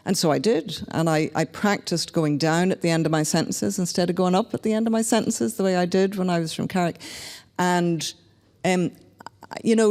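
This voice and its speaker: A woman's voice: lowish voice, darkish tone, long reverb tail. A woman from Northern Ireland speaking candidly and reflectively as a panelist at a public discussion. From Northern Ireland (County Antrim). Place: large hall at a public panel event.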